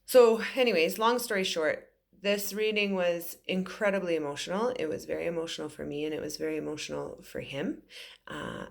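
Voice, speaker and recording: A woman's voice: fairly low pitch, fairly even intonation, fairly quick, creaky. A woman in her forties, a psychic medium, telling an emotional story to camera in an earnest, rambling way with many fillers. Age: 40s.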